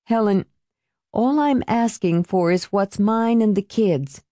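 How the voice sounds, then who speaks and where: A woman voicing a desperate, furious young mother who is bitter, confrontational and quick to curse, in an audiobook reading. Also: mid-range voice, dark tone, no room sound, pitched above the performer's own voice, natural voice. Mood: demanding.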